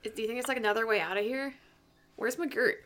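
A woman at a tabletop game, making quiet, tentative asides. Her voice is fairly high and bright. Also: quick pace. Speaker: player. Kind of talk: casual tabletop play.

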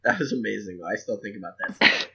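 A man's voice: lowish voice, quick pace, vocal fry, pushed and bright, lo-fi sound. A man playing a tabletop game, joking loosely in casual chat. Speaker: player.

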